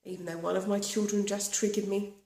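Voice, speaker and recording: A woman's voice: mid-range voice, flat delivery, fairly quick, dark tone. A woman from Australia leading a guided tapping session, talking earnestly and repeating affirmations. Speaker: tapping practitioner. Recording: echoey room.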